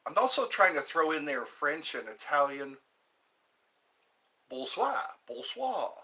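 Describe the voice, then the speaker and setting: A man hosting a casual livestream from home, chatting in a rambling, animated way and reading viewer comments aloud. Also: normal speed. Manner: chatty, rambling, animated, with pitch leaps when greeting viewers. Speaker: livestream host.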